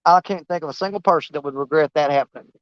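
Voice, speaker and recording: A fishing channel host rambles and pokes fun at himself while rigging his rods outdoors for a casual vlog. His voice is a little high, clear and resonant, and he talks quickly. There's no echo, though the recording sounds muffled.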